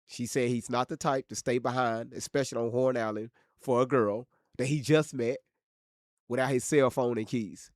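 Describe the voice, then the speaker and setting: A man hosting a livestream, teasing his chat in a loud, profane, joking way. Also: mid-range voice, fairly even intonation, normal speed, no echo, studio quality. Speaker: livestream host reading chat. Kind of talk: casual livestream commentary.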